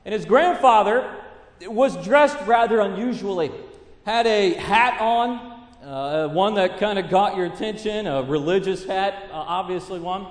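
A man's voice: high voice, a little slow. A man in his thirties preaching a sermon, earnest and mixing in family stories. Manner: earnest preaching with storytelling asides. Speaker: pastor. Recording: echoey hall reverb.

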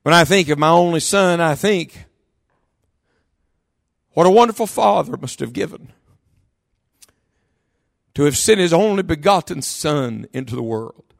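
A man preaching a sermon in church, impassioned, swinging from quick asides to loud, drawn-out calls. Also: fairly high pitch, lively intonation, vocal fry, dry recording, studio quality. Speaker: pastor. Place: church service.

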